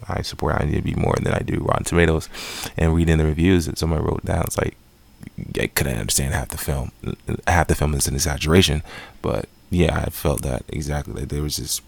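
A man's voice: deep voice, gravelly, darkish tone. A man giving a casual, rambling spoken movie review with many fillers and restarts. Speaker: film reviewer.

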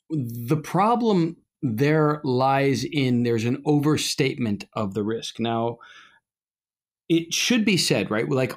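A middle-aged man, a priest co-hosting a podcast, talking in a casual, rambling way with many fillers and restarts. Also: mid-range voice. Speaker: podcast co-host, Orthodox priest. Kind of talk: casual conversational podcast talk.

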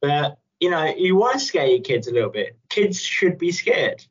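A man's voice: on the high side, very animated, moderate pace. A man chatting casually on a podcast, rambling and playful, often laughing. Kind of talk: casual chat. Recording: dull lo-fi sound.

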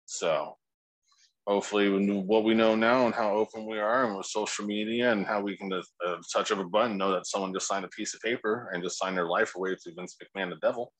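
Low-voiced man rambling on a podcast. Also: steady tone, brisk, fairly bright tone, no room sound, low-quality recording. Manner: laid-back, rambling, heavy swearing. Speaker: podcast co-host. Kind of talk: casual podcast chat.

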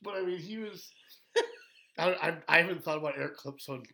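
Brief: male ex-wrestler guest, slightly high gravelly voice, rambling and laughing storyteller. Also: a little fast, bright, forceful tone. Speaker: former pro wrestler telling stories. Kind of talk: casual podcast chat.

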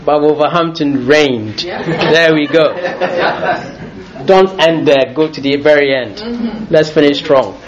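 A middle-aged man preaching a sermon in a lively, jokey way, often laughing as he speaks. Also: fairly high pitch, slow pace, highs cut off, a crowd in the background.

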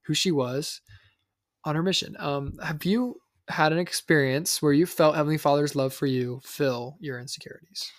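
A woman's voice: low voice, moderate pace, dry recording, clean studio sound. A woman hosting a faith podcast, teasing and encouraging her younger sister as guest. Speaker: podcast host. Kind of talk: casual faith podcast chat.

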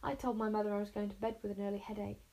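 A woman's voice: medium pitch, fairly even intonation, very fast, vocal fry, mellow. A plucky young girl princess in a storybook, read by a woman. She speaks with urgent determination and a fair bit of stubbornness, and her voice stays close to the reader's own. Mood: determined.

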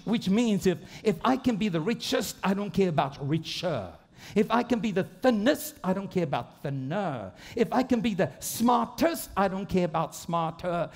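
Man, high-pitched, preaching, animated, acts out voices. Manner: animated storytelling with mimicked inner voices. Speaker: pastor. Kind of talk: sermon.

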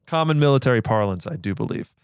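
A man's voice: mid-range voice, expressive, fast, clean tone, no echo, studio quality. A man guest on a podcast in casual chat, stammering and repeating words with a wry tone.

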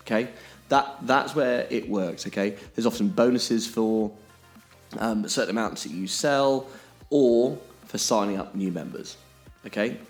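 Emphatic man, lowish voice. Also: measured pace, faint music behind. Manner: emphatic, keeps checking in with "okay?". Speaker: podcast co-host. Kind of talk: explanatory podcast chat.

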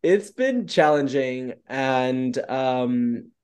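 An upbeat man talks as a podcast guest, open and candid. His voice sits at an ordinary middle pitch. He strings his stories together with a lot of "like". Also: expressive, very slow, a little mellow, clear, resonant tone. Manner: upbeat, open storyteller who leans on "like" a lot. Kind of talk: casual interview chat.

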